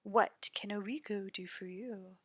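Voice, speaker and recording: A woman voicing a smooth, flirtatious male courtesan, speaking low and breathy with flattery. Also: measured pace, no room sound. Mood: seductive.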